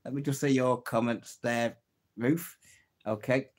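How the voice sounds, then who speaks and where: A man's voice: medium pitch, steady tone, measured pace. A man hosting a casual live stream, telling old jokes, reading out viewer comments and laughing at his own punchlines. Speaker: livestream host.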